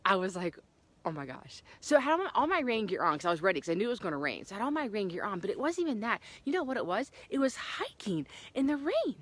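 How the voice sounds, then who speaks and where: A middle-aged woman hiker chatting to her camera outdoors on a trail, telling a story with lots of fillers and animated swings. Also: medium pitch, racing, few pauses. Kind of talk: casual vlog chat. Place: outdoors on a hiking trail in the morning.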